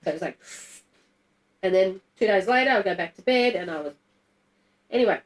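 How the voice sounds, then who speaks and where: A woman's voice: medium pitch, expressive, a little fast, rough recording. A middle-aged woman, telling a personal story to a group in a candid, blunt and emotional way, swearing freely. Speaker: guest telling her story.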